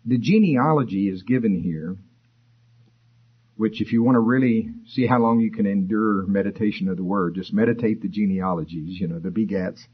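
A man preaching a sermon, explaining scripture in a conversational way and rising in pitch for emphasis. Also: normal speed, slightly rough, dull audio. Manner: expository, conversational, rises for emphasis.

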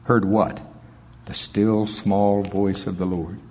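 A middle-aged male pastor with a husky voice preaches in a folksy, plainspoken way and chuckles between his stories. His voice carries the long reverb of a large auditorium, picked up through a stage mic. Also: low voice, flat delivery, slow, darkish tone. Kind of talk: conversational sermon with storytelling.

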